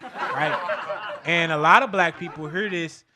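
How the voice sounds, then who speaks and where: Animated man with bright, raised voice. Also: on the high side, moderate pace. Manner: animated, emphatic, street slang, frequent fillers. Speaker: podcast host. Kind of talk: casual commentary monologue.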